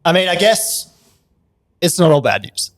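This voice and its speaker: A man co-hosting a casual podcast, halting and self-mocking. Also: fairly high pitch, big pitch swings. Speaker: podcast co-host.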